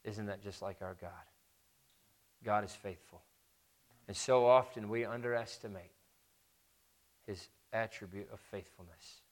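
A man's voice: fairly low pitch, measured pace, pauses often. A man preaching a sermon, telling a story and leading a prayer, with emphatic repetition of key phrases.

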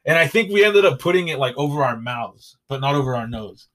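Expressive and a little fast, with a medium-pitched, slightly bright voice, a young man co-hosts a podcast. He rambles casually, swearing and using fillers.

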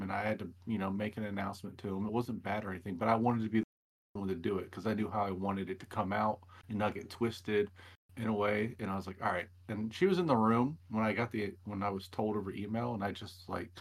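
A man's voice: lowish voice, fast talker, breathy edge. Rambling young man recapping a show. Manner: rambling, animated storytelling with laughs. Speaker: podcast co-host. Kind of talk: casual reality-show recap chat.

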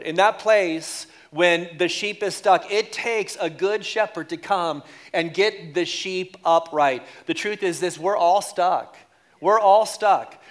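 A man with a high voice preaches a lively sermon as a pastor. He jokes with the congregation and repeats key lines for emphasis.

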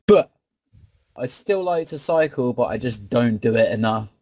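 A man's voice: mid-range voice, animated, normal speed, a little mellow, no echo, clean studio sound. A man joking crudely in a casual group chat.

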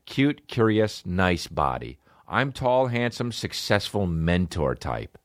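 Male comic podcast host: low voice, animated, sarcastic, swears freely. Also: takes it slowly, hardly any pauses, dry recording, clean studio sound. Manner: rambling, sarcastic, profane. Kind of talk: casual comedy podcast chat.

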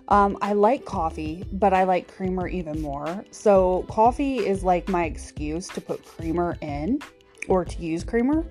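A woman's voice: lowish voice, a little slow, darkish tone, soft background music. A woman hosting a podcast alone, chatting casually with many fillers and little laughs. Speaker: podcast host. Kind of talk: casual solo podcast monologue.

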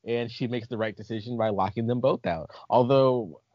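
A man in a relaxed podcast chat, breaking into laughter as he recaps scenes with enthusiasm. His voice sits at a middling pitch, recorded dry and slightly dull, lo-fi. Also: normal speed, no echo. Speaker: podcast host. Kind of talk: casual movie-recap chat.

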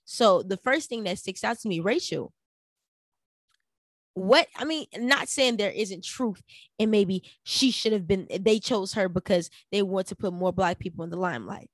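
A young adult woman hosting a solo podcast, giving animated opinion commentary with rhetorical questions aimed straight at her listeners. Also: medium pitch, moderate pace, dry recording, clean studio sound. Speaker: podcast host.

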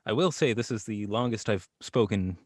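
A man's voice: lowish voice, normal speed, no room sound. A man, a voice actor guest, chatting casually with self-deprecating dry humor. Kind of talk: casual chat.

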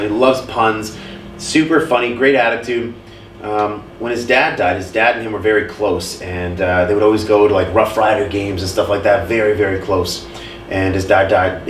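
A young man co-hosting a casual podcast chat, telling stories and acting out what people said with lively swings in his voice. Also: mid-range voice, slight background noise. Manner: animated storyteller, acts out quotes. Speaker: podcast co-host. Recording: roomy sound, mic at a distance.

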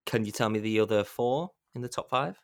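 Man, low pitch, casual chatty film talk, animated storytelling. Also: no echo, clean studio sound. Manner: chatty, animated retelling with quick voice impressions. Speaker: podcast co-host.

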